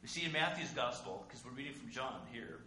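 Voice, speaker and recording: A male pastor preaching a sermon conversationally, asking rhetorical questions and swinging between loud and quiet. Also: medium pitch, expressive, brisk. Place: church sanctuary. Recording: echoey room with faint hum.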